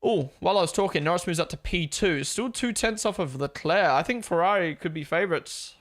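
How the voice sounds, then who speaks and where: A young man with an Australian accent softened by a Kiwi twang, chatting casually on a live stream. His voice sits a little high for a man, and he swears freely while he reacts to the race and answers his chat. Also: brisk. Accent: Australian-New Zealand blend. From born in Australia, raised in New Zealand. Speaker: streamer hosting a race watch-along.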